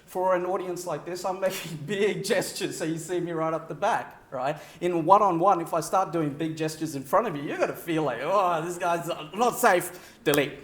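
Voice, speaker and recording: A man's voice: on the high side, fairly quick, few pauses, slight background noise. A man delivering a conference keynote, talking to the audience and checking in with frequent "right?" asides. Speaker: keynote speaker. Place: large conference hall. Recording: roomy echo of a large hall.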